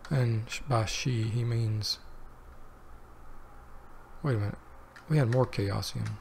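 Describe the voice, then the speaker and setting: Speaking slowly with vocal fry, this man has a mid-range, darkish voice, and a bit of hiss or hum sits under the recording. He's hosting a let's play, talking to himself in a rambling, casual way and wandering from the game into personal tangents.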